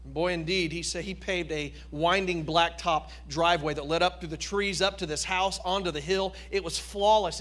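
A male pastor tells a story during a sermon, emphatic and animated. His voice sits high for a man, and his tone is bright and forceful. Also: normal speed, hardly any pauses.

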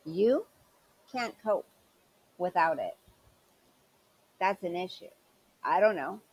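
A woman's voice: lowish voice, animated, takes it slowly, a little mellow, breathy edge, low-quality recording. A woman hosting a commentary show, sarcastic and scolding as she mocks the clips she reacts to. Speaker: commentary channel host.

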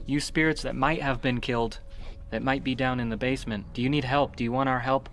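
A man's voice: medium pitch, steady tone, brisk, a bit bright, slight background noise. Man earnestly questioning spirits. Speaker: paranormal investigator. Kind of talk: questioning spirits during a ghost hunt.

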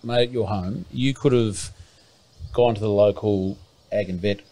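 Male host, low voice, relaxed mate-to-mate interviewer. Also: unhurried, rough recording. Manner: matey, jokey, says "mate" often. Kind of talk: casual conversational interview.

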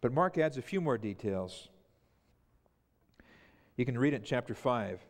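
A man preaching a sermon as pastor, telling the story with lively emphasis and acting out the disciples' cries. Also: medium pitch, unhurried. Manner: animated storyteller, acts out the disciples' panic. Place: church sanctuary. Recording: church hall reverb.

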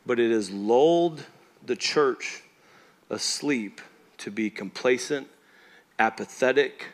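Male pastor, conversational and emphatic preaching, regular pitch, asks the room if they're with him. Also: slow pace. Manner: conversational and emphatic, often asks the congregation if they follow. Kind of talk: sermon. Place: church.

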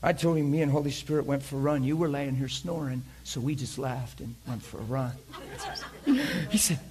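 A middle-aged man preaching, telling a story with lots of laughter and animated energy. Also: fairly high pitch, breathy edge. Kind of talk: sermon storytelling.

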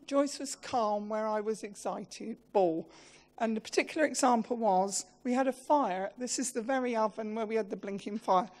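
A woman giving a funeral eulogy. She tells lively, self-mocking stories and laughs as she talks. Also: on the high side, normal speed.

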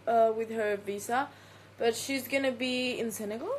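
Here a young Mexican woman, a native Spanish speaker, answers fans on a phone livestream, chatting loosely, reading comments out and often breaking into laughter. She talks at a normal speed in a fairly high but darkish voice with fairly even intonation. There's slight background noise, and the recording is poor.

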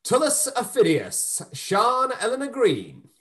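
Effusive high-voiced male host. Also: wildly swooping pitch, slow pace, a bit bright. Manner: effusive, upbeat compère. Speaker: host and director. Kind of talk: live online show wrap-up. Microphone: video call.

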